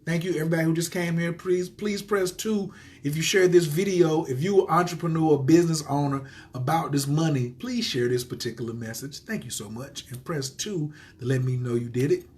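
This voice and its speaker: A somewhat high-voiced man hosts a motivational livestream for business owners, spinning an animated story. He acts out the voices of the people he quotes and breaks off to greet viewers by name. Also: fairly quick. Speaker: entrepreneur hosting a livestream.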